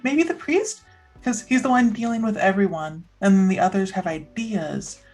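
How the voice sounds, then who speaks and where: A woman at a tabletop game talks her plan through slowly, weighing each step aloud. Her voice is husky, with faint music behind her. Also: mid-range voice, darkish tone. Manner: thoughtful, reasoning aloud. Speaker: player. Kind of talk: tabletop play.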